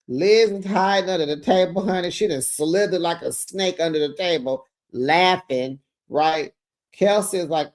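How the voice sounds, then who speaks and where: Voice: mid-range voice, animated, measured pace. A host giving a casual recap of a reality show, sassy and gossipy, breaking into exclamations and laughs while retelling.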